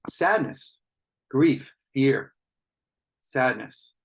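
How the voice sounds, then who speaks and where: A man's voice: mid-range voice, lively intonation, extremely slow, gravelly, husky, highs cut off. A man facilitating an online workshop, reading out participants' comments and reflecting on them in an earnest, conversational way, with frequent restarts.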